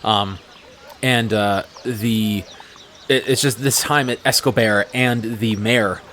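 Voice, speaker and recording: A man narrating as game master of a tabletop game, describing scenes in an unhurried way with frequent fillers. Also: on the low side, steady tone, a bit bright, slight background noise.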